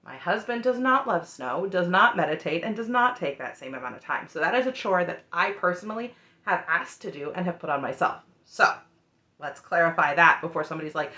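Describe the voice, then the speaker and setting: A woman's voice: fairly low pitch, lively intonation, fairly quick, pushed and bright, roomy sound, dull audio. A woman giving an opinionated, sarcastic recap of a reality show in a chatty, heated way. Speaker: recap host.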